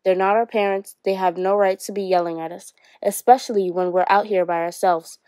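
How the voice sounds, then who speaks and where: A woman's voice: medium pitch, brisk, no room sound, close to an everyday voice. Brief: storybook boy, five, fearless and defiant; read by a woman. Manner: calm, then shouting back. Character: brave defiant five-year-old boy.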